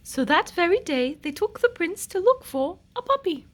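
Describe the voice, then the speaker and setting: High, sing-song woman storyteller. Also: sing-song, normal speed. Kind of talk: picture book read-aloud.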